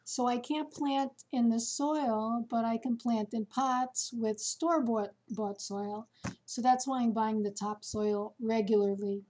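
Woman vlogger, unhurried chatty storytelling, somewhat high, soft mellow tone. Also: fairly even intonation. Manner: slow, chatty storytelling with fillers. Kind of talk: casual chat to camera.

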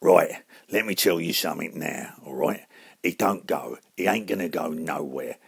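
Man impersonating a deep, gravelly Cockney tough guy, growling threats. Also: no room sound, studio quality, exaggerated voice. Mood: menacing. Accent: Cockney London. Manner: gruff, menacing, slow and low. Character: gruff tough-guy London actor, football-mad.

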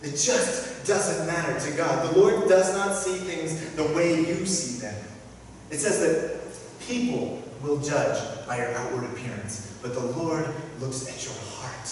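A man preaches from the front of a church in a slightly higher voice, swinging between emphatic peaks and quiet, dropped lines. The sound comes from some distance off, with a long, booming church reverb around every word and a faint background hum. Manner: emphatic preaching with repeated phrases and dramatic pauses. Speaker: pastor. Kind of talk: sermon. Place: church sanctuary. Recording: echoey church hall from far off.

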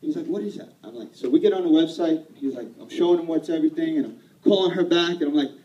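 A man's voice: fairly high pitch, fast, warm tone, distant mic, lo-fi sound. Husband telling his story in a roomy hall. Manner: self-deprecating, rambling, laughs often. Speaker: speaker at a sales event. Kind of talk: personal story told to an audience.

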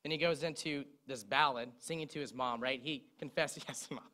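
A man's voice: medium pitch, moderate pace. A young man preaching a sermon, retelling song lyrics as he speaks. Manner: recites song lyrics in a speaking voice, lively storytelling.

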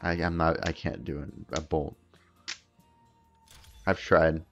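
A young man gaming with friends over voice chat, reacting loudly and laughing. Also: rumbling low, steady tone, slow, creaky, highs cut off, faint music behind. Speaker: gamer.

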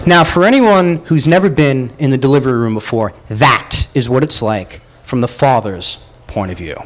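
A man telling a comic personal story live at a pub show, animated and self-mocking, acting out the voices he quotes. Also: medium pitch, moderate pace, low-quality recording. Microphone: far camera.

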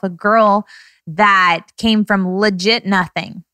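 A woman's voice: mid-range voice, fairly even intonation, slow, pushed and bright, dry recording. A woman in her thirties hosting a podcast, talking in a heartfelt, effusive way while close to tears. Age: 30s. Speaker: podcast host. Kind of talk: emotional casual podcast talk.

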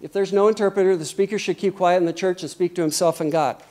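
A middle-aged man preaching a sermon in a lively, conversational way, often acting out quotes. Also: high-pitched, fast.

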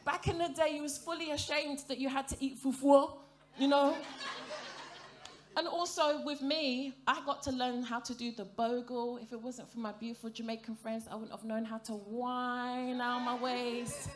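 A woman works a theatre crowd through a stand-up set. Her voice sits a little high and her delivery stays playful and chatty, full of questions thrown at the audience. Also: fairly even intonation, normal speed, a little hiss or hum. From African heritage, grew up in Britain. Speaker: stand-up comedian. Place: theatre stage before a live audience.

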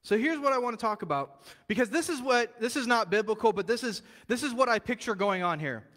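Man preaching, high voice, casual animated storytelling, long church-hall reverb. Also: fairly quick. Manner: animated storytelling, casual slang, acts out quotes. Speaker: pastor. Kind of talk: sermon. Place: church sanctuary.

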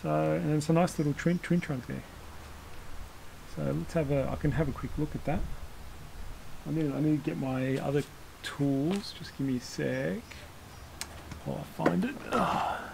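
A man's voice: a little high, moderate pace, vocal fry, long pauses, dark tone, slight background noise, poor audio. A man hosting a bonsai channel, talking casually through a hands-on demonstration, rambling and correcting himself with small chuckles as he works. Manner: rambling, self-correcting, chuckles while working.

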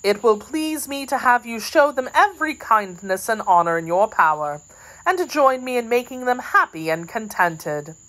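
A woman's voice: fairly high pitch, big pitch swings, normal speed, a bit bright, poor audio. A woman doing a gracious fairy queen. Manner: gracious, composed. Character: gracious young fairy ruler.

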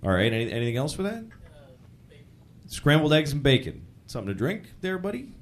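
A man performing a stand-up set on a live stage, talking conversationally with incredulous asides and sudden loud outbursts. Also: on the high side, sing-song, brisk. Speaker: stand-up comedian.

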